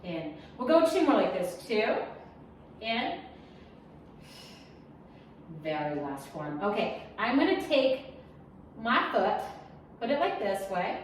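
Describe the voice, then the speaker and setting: A woman's voice: fairly high pitch, big pitch swings, slow pace, long pauses, slight background noise. A woman teaching a Pilates class, cueing breaths and counts in a chatty, encouraging way with small jokes. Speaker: Pilates instructor. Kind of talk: guided exercise class cueing. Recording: echoey room, mic some distance off.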